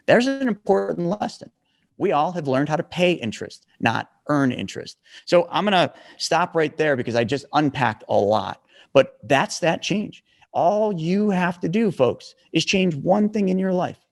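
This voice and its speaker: A man's voice: a little high, gravelly. A man, a podcast guest, telling a story in casual conversation, acting out both sides of a dialogue and talking straight to the listeners. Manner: animated, retells dialogue in voices, addresses listeners as folks. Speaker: guest, investor.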